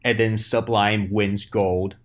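A man's voice: lowish voice, flat delivery, takes it slowly. A young man co-hosting a podcast, chatting casually with teasing, dry humor. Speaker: podcast co-host. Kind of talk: casual chat.

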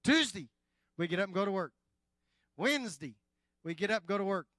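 A male pastor preaching a sermon, addressing the congregation directly and swinging from loud emphasis to quiet, slow lines. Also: high voice, animated, no echo.

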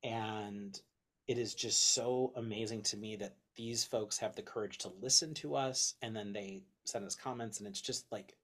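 A man hosting a casual podcast chat, excitable, swearing freely and reading out long lists. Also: on the low side, normal speed. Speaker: podcast host.

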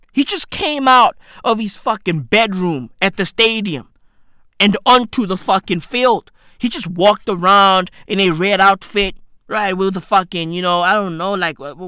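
A woman's voice: medium pitch, fairly bright tone, no room sound, clean studio sound. A woman hosting a show, ranting with heavy swearing, exasperated and stammering through restarts. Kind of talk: profane comedic rant.

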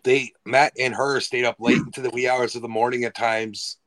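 A man's voice: medium pitch, little pitch movement, normal speed, fairly bright tone. A man co-hosting a wrestling podcast, telling a loose anecdote in casual chat. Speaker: podcast co-host.

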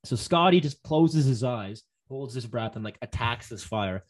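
A man's voice: mid-range voice, lively intonation, moderate pace. A young man in casual chat, telling a long story with lots of fillers and restarts. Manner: rambling, many fillers and restarts.

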